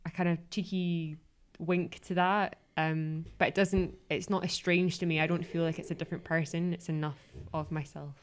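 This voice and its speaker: Chatty young woman, low voice. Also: moderate pace. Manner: chatty, animated storytelling with quoted voices. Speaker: podcast guest, actress. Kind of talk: casual chat.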